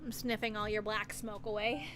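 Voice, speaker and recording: A woman's voice: medium pitch, steady tone, normal speed, background noise. A woman streamer in casual live-stream chat, giggly, playful and rambling as she muses aloud.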